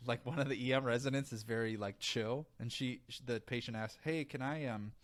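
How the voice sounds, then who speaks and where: A man's voice: medium pitch, fairly even intonation, a little fast, no echo. A young man co-hosting a podcast, telling stories in a casual, profane, joking way, with a sore throat. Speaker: podcast co-host, physician.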